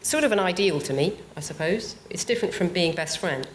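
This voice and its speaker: A lowish, thoughtful woman speaking as a playwright guest on a live podcast stage. She explains calmly, with faint noise behind her. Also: brisk.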